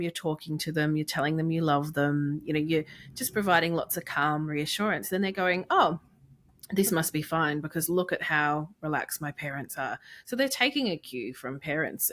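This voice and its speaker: A woman with a somewhat low voice chats on a podcast about baby sleep. She speaks emphatically and informally, encouraging the listener. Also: a bit bright. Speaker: infant sleep consultant co-host. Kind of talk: casual podcast chat.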